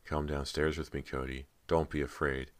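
Guy doing a spooky ghost girl, soft and coaxing, super low voice, audiobook. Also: flat delivery, normal speed, no room sound. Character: ghostly girl luring her sister, soft and cool.

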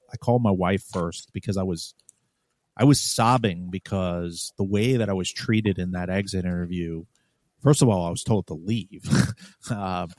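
A lower-pitched man tells his story as a guest in a casual interview. He is blunt and profane, and he keeps circling back and restarting his sentences. His voice is recorded dry and close, with no room sound. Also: darkish tone, no room sound. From New York. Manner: blunt, profane, heated retelling with many restarts. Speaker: guest, former police sergeant.

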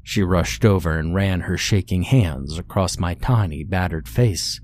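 A man narrating a horror story in a measured, grim first-person telling. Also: sits low, darkish tone, slight background noise.

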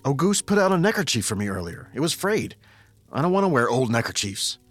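A man's voice: lowish voice, normal speed, a bit bright, soft background music, natural voice. An actor playing an evasive nobleman suspected of killing his wife, giving curt, defensive replies in a true-crime reenactment.

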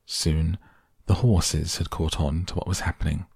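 Male sleep-audiobook reader: low, husky, unhurried. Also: dry recording, clean studio sound. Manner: slow, soft and even. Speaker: podcast reader. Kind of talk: calm audiobook narration for sleep.

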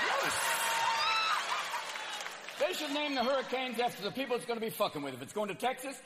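A male stand-up comic tears through a manic, profane routine in a high, swooping voice. He lurches into sudden voices and swears freely. A big live crowd roars around him over a noisy room. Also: sing-song, brisk, long pauses. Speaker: stand-up comedian. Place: comedy stage before a live audience. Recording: live show with crowd laughter and noise.

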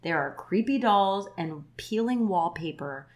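Speaking a little slowly, a woman with a mellow, mid-range voice and lively intonation recaps a film on the casual podcast she co-hosts. She tells it chattily, leans on "like" a lot, and brightens her delivery for character quotes.

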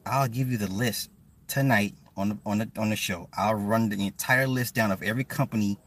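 A man's voice: on the low side, brisk, a bit bright, far from the mic. A man ranting bluntly and profanely on a casual livestream from his car, often repeating words as he talks to his viewers. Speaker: livestream host.

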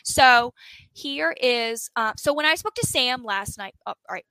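A young woman co-hosts a true-crime podcast, retelling a story with lively, animated energy and plenty of swearing. Her voice is bright and fairly high. The sound is dry and close to the mic. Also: a little slow, no room sound, poor audio. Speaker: podcast co-host.

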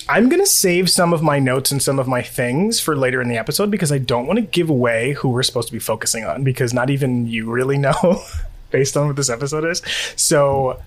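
A man co-hosting a podcast, talking in a chatty, rambling way with many fillers and quick laughs. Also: medium pitch. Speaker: podcast co-host. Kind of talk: casual chat. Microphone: home recording setup.

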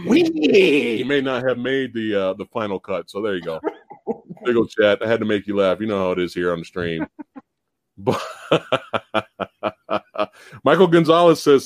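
Male live-stream host, expressive swinging pitch, loose and profane, plenty of laughter. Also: measured pace, pauses often, no echo. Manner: animated, laughs often, swears casually. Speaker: podcast host. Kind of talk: casual live-stream movie chat.

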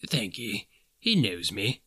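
A reformed old miser speaks low and hushed, as a storybook reader puts him on. His voice drops below the narration and turns quiet and slow. It has an average man's pitch at heart. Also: very animated, slightly rough, full character voice. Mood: gentle. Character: old miser man, newly kindly and playful.

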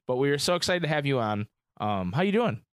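A chatty man hosts a casual podcast, talking with easy enthusiasm. His voice sits at a middle pitch, and the recording is dry and close. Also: very animated, fast, smooth, no room sound. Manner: chatty and enthusiastic, hyping up guests. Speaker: podcast host.

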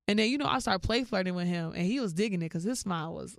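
Woman podcast host, slangy casual storyteller, clean dry mic, smooth voice. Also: fast, dry recording. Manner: animated, slangy, jumps into high-pitched quoted voices.

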